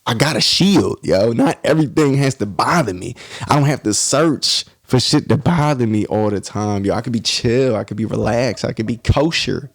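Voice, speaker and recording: A man's voice: medium pitch, normal speed, creaky, no room sound, clean studio sound. A man hosting a podcast, talking in a blunt, profane, passionate monologue about faith and self-improvement. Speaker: podcast host.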